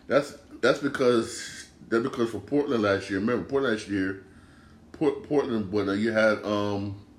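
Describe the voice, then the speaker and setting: A man's voice: lowish voice, reverberant, a little hiss or hum. A man hosting a sports podcast alone, ranting about basketball results in a profane, exasperated, repetitive way. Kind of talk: solo sports rant.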